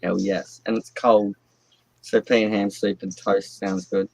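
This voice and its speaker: A man's voice: on the low side, level tone, measured pace, gravelly, dry recording, low-quality recording. A man in crude, brash casual banter with friends, boasting and acting out his own lines. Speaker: friend on a hangout stream.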